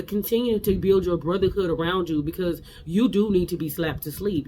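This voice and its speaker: A woman's voice: on the low side, darkish tone, a little hiss or hum. A woman hosting a casual reality TV recap. She talks bluntly and fierily, with slang and lots of repetition.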